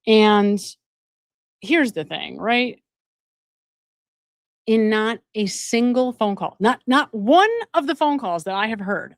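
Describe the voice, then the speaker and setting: A woman's voice: medium pitch, no echo, studio quality. A woman hosting a live stream. She reads out viewer donations and gives commentary, repeating phrases for emphasis. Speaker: host and addiction counselor.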